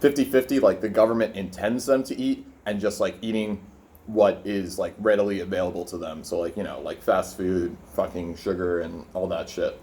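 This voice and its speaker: Young male vlogger, lowish voice, loose profane rambling with food in hand, casual bedroom chat. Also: steady tone, moderate pace, warm tone, a little hiss or hum. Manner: rambling, profane, filler-heavy, talking while eating. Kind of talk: casual food vlog with rant. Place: his room indoors.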